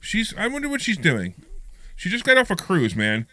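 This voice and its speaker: A man hosting a live radio talk show, chatty and energetic, talking from a studio. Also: high voice, moderate pace, dry recording. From United States.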